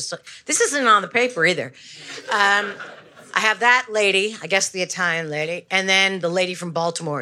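On a comedy stage in front of a live audience, an older woman appearing as a guest rambles through tangent-heavy stand-up, apologizing and putting herself down along the way. She uses a handheld wireless mic, and her mid-range voice has a sharp tone at normal speed.

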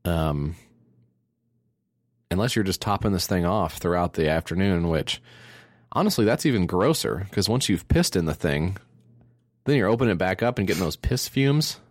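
Man, very low voice, dry close mic, rambling crude comedy podcast host. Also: animated, moderate pace, long pauses, dry recording. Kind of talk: casual comedy chat.

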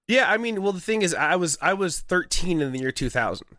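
A man in his thirties with a slightly raised pitch who rambles along easily and pokes fun at himself as a podcast guest. The recording is close and dry, with no room sound. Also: a little fast, no echo. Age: 30s. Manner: relaxed, rambling, self-mocking. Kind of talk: casual comedy podcast chat.

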